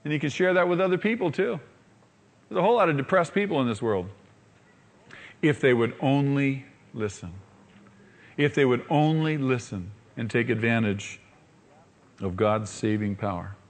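A male pastor preaching a sermon, telling the story with animated voices for the characters and asking the congregation rhetorical questions. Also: mid-range voice, moderate pace, long pauses.

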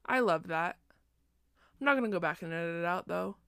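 Sleepy, chatty young woman with vocal fry. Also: fairly low pitch, lively intonation, fairly quick, fairly bright tone, no echo, clean studio sound. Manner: chatty, self-deprecating, digressive. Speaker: podcast host. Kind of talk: casual book recap.

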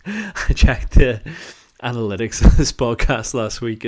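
Man, North Down accent, podcast host, chatty, self-mocking, lowish voice. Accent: North Down, Northern Ireland. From North Down, Northern Ireland. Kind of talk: casual podcast monologue.

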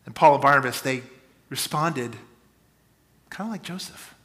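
A man preaching a sermon, with dynamic delivery that swings between loud emphasis and quiet asides. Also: mid-range voice, normal speed, long pauses. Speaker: pastor.

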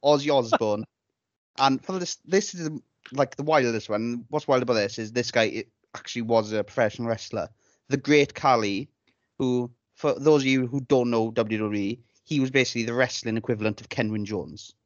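A man's voice: mid-range voice, normal speed, no room sound. Male podcast co-host, casual banter, swears freely; dry, slightly muffled audio. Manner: chatty, swears freely, tells anecdotes with relish.

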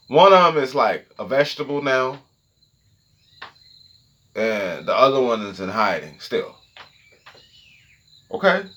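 Man, solo podcast rant, lively swinging pitch, slightly high voice, profane and casual. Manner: animated, profane, keeps asking "okay?". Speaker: podcast host. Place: home recording setup.

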